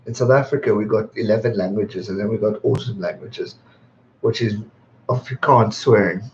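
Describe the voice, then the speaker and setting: A man's voice: fairly low pitch, moderate pace, darkish tone, slight background noise. A man in his twenties from England, hosting his birthday livestream, chatting casually, reading out viewer comments, laughing often and swearing freely. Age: 20s. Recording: slightly dull lo-fi stream audio.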